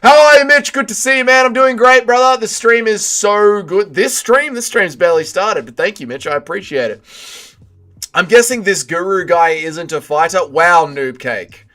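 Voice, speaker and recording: A young man hosts a livestream, reading out viewer messages and answering in chummy, profane banter. His voice sits a little high and has a bright, forceful edge. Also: animated, moderate pace. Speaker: livestream host. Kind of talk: casual chat, reading viewer chat aloud.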